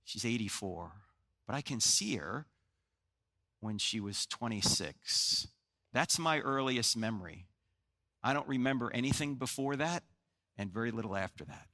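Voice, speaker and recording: A man's voice: medium pitch, normal speed, pauses often. A man in his sixties from New Jersey gives a live apologetics lecture to an audience, telling stories with joking asides and acting out dialogue. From New Jersey, USA. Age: 60s. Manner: animated storyteller, jokey asides, acts out dialogue. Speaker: Christian apologetics speaker. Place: large hall with live audience. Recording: long hall reverb.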